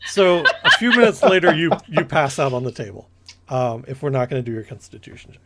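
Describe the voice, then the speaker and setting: A man's voice: medium pitch, very animated, fairly quick, very noisy. A man running a tabletop game as game master, narrating loosely and correcting himself as he goes. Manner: rambling, corrects himself often.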